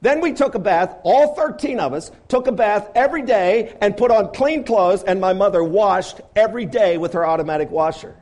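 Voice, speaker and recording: A man with a notably high voice delivers a sermon. He presses his listeners with rhetorical questions, rising to loud appeals and then dropping to quiet, low asides. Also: normal speed, few pauses. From grew up on a farm. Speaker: preacher.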